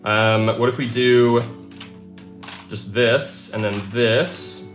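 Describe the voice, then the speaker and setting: A man's voice: mid-range voice, fairly even intonation, slow pace, faint music behind. A man hosting a live stream, thinking aloud as he works through puzzles and cheering when he solves them. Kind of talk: excited live stream chatter.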